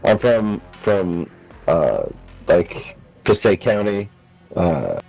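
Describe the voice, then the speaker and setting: Man, New Jersey accent, stoned, rambling, stumbling restarts, low voice, headset gaming chat. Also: big pitch swings, drawn-out words, gravelly, warm tone, soft background music, rough recording. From North Jersey, USA. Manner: rambling, stumbles and restarts words, laughs often. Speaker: gamer.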